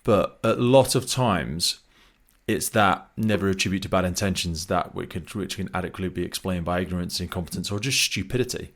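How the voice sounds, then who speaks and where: Deep-voiced man, podcast host, relaxed chat with lively asides. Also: brisk. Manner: chatty, animated retelling with quoted voices. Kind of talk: conversational interview.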